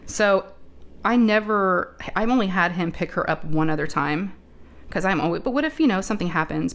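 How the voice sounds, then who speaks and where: A woman with a slightly low voice chats casually to her viewers, retelling a family story. She talks in a loose, animated way, full of fillers and side remarks, like a crafting host catching up with her audience. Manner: chatty, animated retelling with many asides and fillers.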